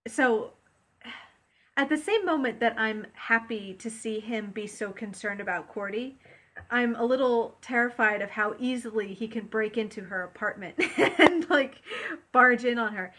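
A woman's voice: on the high side, measured pace, fairly bright tone. A woman co-hosting a podcast in casual chat, chatty and rambling with many fillers. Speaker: podcast co-host.

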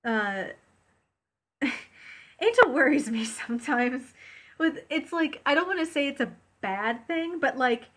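A woman's voice: sits high, expressive, measured pace, pauses often, fairly bright tone. Chatty woman podcast co-host. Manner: chatty, rambling, frequent fillers. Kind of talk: casual chat.

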